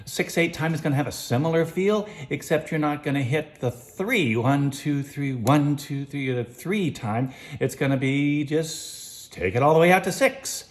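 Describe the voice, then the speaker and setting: A man's voice: a little high, expressive, moderate pace, hardly any pauses. A man giving a casual music lesson, explaining time signatures, counting beats aloud and singing short snippets. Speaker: music teacher.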